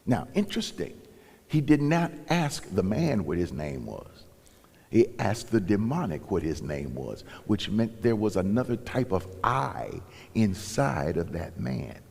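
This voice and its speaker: A man's voice: on the low side, very animated, measured pace, gravelly, darkish tone, slightly rough. A man preaching a sermon as pastor, telling the story with animation and acting out the characters' lines in different voices. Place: church sanctuary. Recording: long church hall reverb.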